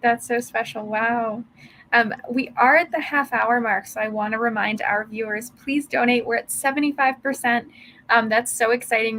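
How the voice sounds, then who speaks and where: A woman's voice: on the high side, a bit bright, slight background noise, low-quality recording. A woman hosting a fundraiser livestream, upbeat and eager, with frequent "um" fillers. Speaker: host.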